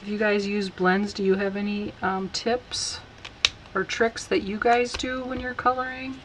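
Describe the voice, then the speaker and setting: A woman teaching a casual stamping tutorial, chatty and unhurried as she talks while working. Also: mid-range voice, little pitch movement, a little hiss or hum, rough recording. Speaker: card-making instructor.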